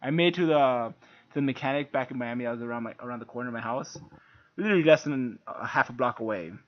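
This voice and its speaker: A man co-hosting a podcast, telling a story in a quick, laid-back way among friends. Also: medium pitch, highs cut off. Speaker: podcast co-host. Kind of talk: casual chat.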